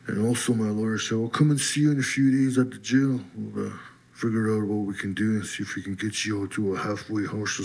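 A man slowly telling his personal faith testimony, husky voice, getting lively as he retells being set free. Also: on the low side. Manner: slow storytelling, lively when retelling his release. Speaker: testimony speaker.

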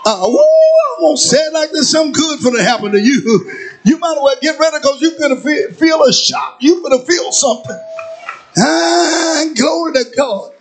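A man preaching a sermon, using call-and-response and chanting as his preaching builds to shouts in a church sanctuary. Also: extremely high pitch, normal speed, soft background music. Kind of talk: whooping sermon.

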